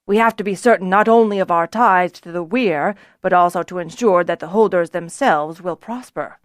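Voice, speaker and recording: A woman narrator voicing a dignified middle-aged male lord in a fantasy audiobook, tight and measured with a dry wit. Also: lowish voice, no room sound, lightly acted. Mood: restrained.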